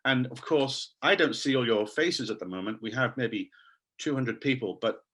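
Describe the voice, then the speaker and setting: This medium-pitched voice, with a breathy edge and normal speed, belongs to a man hosting a teacher training session online. He quizzes participants with animated enthusiasm over video and calls out names from the chat.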